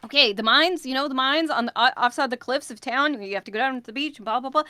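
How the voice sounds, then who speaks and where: A woman's voice: high voice, fast talker, sharp tone, no echo, studio quality. A woman voicing a curt young daughter who wants a stranger gone, in a tabletop game. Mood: exasperated. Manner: curt and dismissive.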